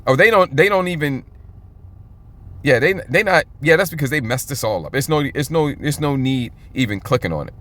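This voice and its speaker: A man teaching from the Bible in an informal, emphatic way, often checking in with "okay?" and reading verses slowly and drawn out. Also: medium pitch, lively intonation, a bit bright. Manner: reads scripture aloud slowly and stretched out.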